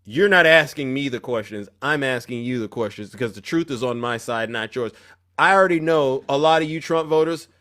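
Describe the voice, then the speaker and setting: A man's voice: mid-range voice, brisk, fairly bright tone. Confrontational male live-stream host, fiery. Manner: confrontational, preachy, addresses chat directly. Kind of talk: heated political live stream rant.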